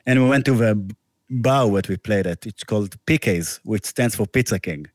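A man's voice: fairly low pitch, moderate pace, dry recording, studio quality. A man, a musician guest, telling a long casual anecdote with restarts and laughter. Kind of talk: casual storytelling interview.

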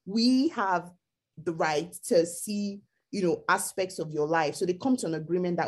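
A woman's voice: on the low side, moderate pace. A woman co-hosting a podcast in casual chat, explaining her views at length in a thoughtful, storytelling manner. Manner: thoughtful storytelling with acted quotes. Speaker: podcast co-host.

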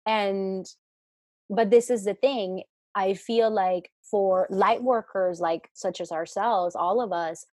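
A woman with a husky, slightly breathy voice chats about spiritual work. She rambles, restarting her thoughts and filling gaps with "like" and "you know". The sound is close and dry. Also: mid-range voice, slow pace, darkish tone, dry recording. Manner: rambling, many restarts and fillers. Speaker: spiritual guest. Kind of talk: casual chat.

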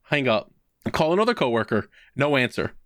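Animated male podcast storyteller. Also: medium pitch, brisk, no echo, studio quality. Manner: animated storytelling with voiced quotes. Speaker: podcast co-host. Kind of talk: casual podcast chat.

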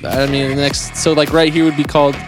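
A man's voice: a little high, little pitch movement, brisk, music in the background. A man as a guest in a casual interview, talking in a loose, rambling way with many fillers. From California. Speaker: guest, a glover.

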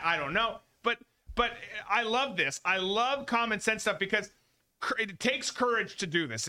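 A man's voice: high-pitched, bright, forceful tone. A man hosting a podcast in casual, opinionated chat, emphatic and prone to repeating himself for stress. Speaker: podcast host.

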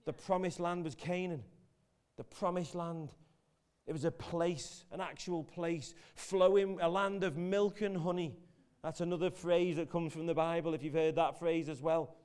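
A man's voice: a little high, fairly even intonation, moderate pace, a little mellow, smooth. A man giving a chatty, jokey sermon in a church, telling the story with many restarts. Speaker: preacher. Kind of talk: casual sermon.

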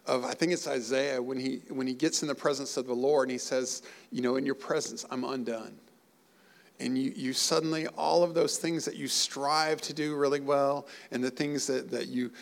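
Gravelly earnest male preacher. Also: medium pitch. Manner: earnest, emotional preaching with rising emphasis. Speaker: pastor. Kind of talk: sermon.

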